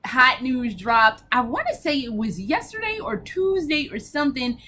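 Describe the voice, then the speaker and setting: Brash high-voiced woman gaming vlogger. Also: very animated, normal speed, sharp tone, a little hiss or hum. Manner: brash, profane, giggly rambling. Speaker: video game vlogger. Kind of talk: casual profane gaming vlog.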